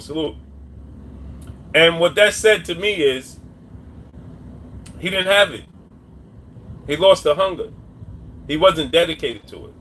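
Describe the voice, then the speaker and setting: Guy with a high voice doing boxing talk on a stream, says viewers names between points, light background hum. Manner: repetitive, shouts out chat names. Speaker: boxing commentator. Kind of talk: live-stream commentary.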